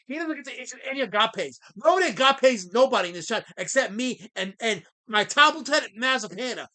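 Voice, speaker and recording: A man hosting a livestream, ranting at his chat in a theatrical, mock-indignant way and swinging between loud outbursts and low mutters. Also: very animated, a little fast, few pauses. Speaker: livestream host.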